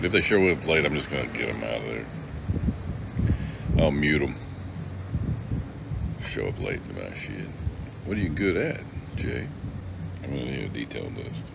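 A man's voice: rumbling low, expressive, a little slow, creaky, pauses often, very noisy. A middle-aged man hosting a casual live stream, rambling and joking as he greets viewers by name.

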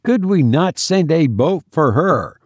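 A man's voice: on the high side, sing-song, takes it slowly, dry recording, clean studio sound, pitched above the performer's own voice, exaggerated voice. A man reading an audiobook, voicing a kind, plainspoken sailor who talks earnestly and directly.

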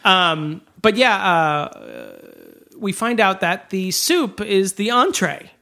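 A podcast co-host in casual film discussion, chatty, with quick asides and corrections. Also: medium pitch, huge pitch swings, vocal fry, bright, forceful tone.

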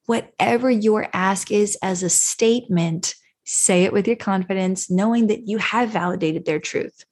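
A woman's voice: mid-range voice, unhurried, few pauses, darkish tone. A woman hosting a parenting podcast, coaching listeners emphatically and acting out example phrases. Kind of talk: solo podcast teaching.

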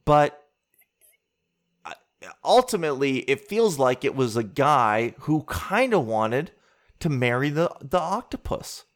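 Guy doing rambling stand-up, chatty, keeps cutting himself off, goes way up high when he gets into a bit. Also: very animated, measured pace, long pauses. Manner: rambling, conversational, self-interrupting, rises in pitch when riffing. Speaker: stand-up comedian. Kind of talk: observational stand-up routine.

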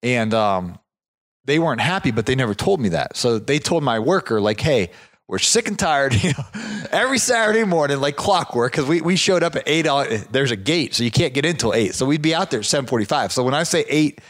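A man of ordinary pitch tells a meandering story in a relaxed, conversational way. He pads his sentences with fillers and restarts as he goes. His voice goes lively whenever he quotes someone else. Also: a little fast. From southeastern United States. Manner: rambling, with frequent fillers and restarts; animated when quoting others. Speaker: property management business owner. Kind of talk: casual anecdote telling.

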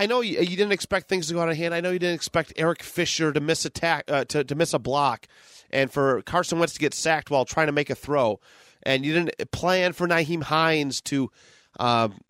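A sports podcast co-host, a man with a fairly high voice, rants in frustration with plenty of swearing. He sounds close and dry, with no room around him. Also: fairly bright tone, dry recording. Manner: frustrated ranting, profane. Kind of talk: casual sports podcast chat.

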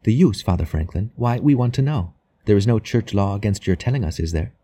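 A man's voice: lowish voice, lively intonation, fairly quick, mellow, husky. A man reading as a sweetly mocking young wife. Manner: sweetly mocking, coolly in control.

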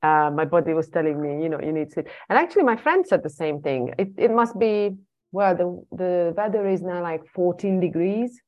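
A woman co-hosting a casual podcast, warm and encouraging, chatting in an animated way. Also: fairly low pitch, normal speed, lo-fi sound. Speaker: podcast co-host.

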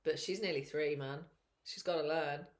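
Chatty mum, lowish voice. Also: female voice, normal speed. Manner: chatty, swears freely, animated quoting. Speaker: podcast co-host. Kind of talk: casual chat.

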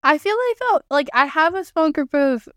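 Brief: twenties woman co-host, brightish higher pitch, casual, storytelling, dry close sound. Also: expressive, moderate pace, no echo. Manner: chatty storyteller, laughs often, casual swearing. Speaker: podcast co-host. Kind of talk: casual chat.

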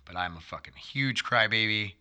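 A man in his thirties with a very bright, forward voice speaks in a loose, rambling monologue. He wanders off on tangents and swears casually as he goes. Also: fairly low pitch, normal speed, clean tone. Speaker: vlogger.

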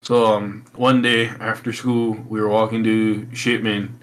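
A man's voice: lowish voice, little pitch movement, measured pace, fairly bright tone, rough recording. A young man on a podcast, laughing often and telling a casual story. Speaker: podcast co-host. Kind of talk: casual chat.

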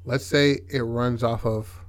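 A man's voice: mid-range voice, fairly even intonation, unhurried. A man hosting a podcast in casual chat, laid-back and profane, often checking in with "right?". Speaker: podcast host.

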